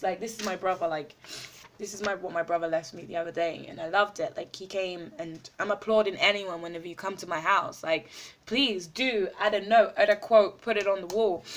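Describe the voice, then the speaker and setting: A woman's voice: medium pitch, a little hiss or hum. Effusive woman in a casual video diary. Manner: effusive, repeats words, many fillers; talks while eating. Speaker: vlogger.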